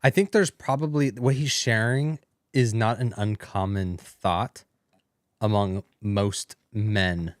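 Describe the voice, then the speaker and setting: Low-voiced easygoing male co-host. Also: steady tone, slow pace, dry recording, studio quality. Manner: easygoing, agreeable backchannels. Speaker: podcast co-host. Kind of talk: casual commentary chat.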